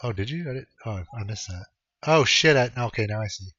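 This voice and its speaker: A young Canadian game streamer with a fairly low, brisk voice, lively intonation and a sharp tone chats casually with his live-stream audience, laid-back and swearing freely while chuckling through his replies. There's no room sound, though the stream audio comes across dull and lo-fi.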